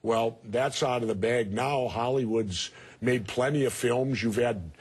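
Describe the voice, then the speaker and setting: A husky man in his sixties speaks as a television interview guest. He argues bluntly and with emphasis, and he pushes back hard on his interviewer. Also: mid-range voice, unhurried. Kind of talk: TV news interview.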